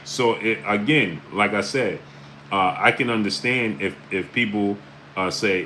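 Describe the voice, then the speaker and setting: Expressive and unhurried, a medium-pitched man from the New York area runs a casual livestream, calling out chat names as he comments. He fills his talk with "uh" and frequent "right?", in a low-quality recording with slight background noise.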